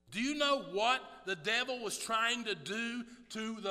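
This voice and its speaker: A man preaching a sermon, swinging from hushed, low passages to loud, shouting exhortation. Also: measured pace, few pauses, in a large hall.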